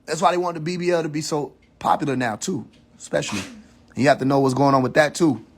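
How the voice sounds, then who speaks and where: A man's voice: a little high, fast, slight background noise. A man hosting his own livestream, ranting in a heated, preachy and profane way, repeating his warnings and restarting his sentences as he thinks aloud. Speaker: livestream host. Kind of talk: casual rant on a social media livestream.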